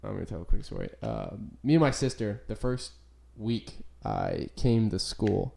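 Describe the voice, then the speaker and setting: A young man hosts a laid-back podcast, his voice low in brightness and warm. He rambles loosely, swears freely and leans on "like" between thoughts. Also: moderate pace, creaky. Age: young adult. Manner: rambling, profane, full of "like" fillers. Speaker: podcast host. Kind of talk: casual chat.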